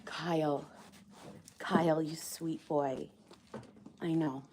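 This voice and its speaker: A woman's voice: sits low, fairly even intonation, takes it slowly, a little mellow, a little hiss or hum. A woman vlogging her farm chores, talking affectionately and teasingly to her animals. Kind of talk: casual talk to farm animals.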